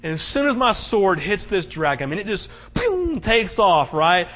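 Male pastor, fairly high voice, preaching with emphatic surges, on a muffled, lo-fi recording. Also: normal speed. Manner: emphatic preaching, rising to loud, high-pitched peaks; animated storytelling with frequent "right?" asides. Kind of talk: sermon. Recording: dull, lo-fi sermon recording.

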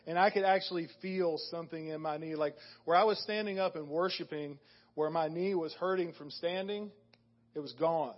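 A man tells his church an earnest testimony in a slightly high voice. He talks casually, stumbling and restarting as he goes. The sound is dull and lo-fi. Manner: earnest, halting with restarts and ums. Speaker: church member sharing testimony. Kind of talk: casual spoken testimony to a congregation.

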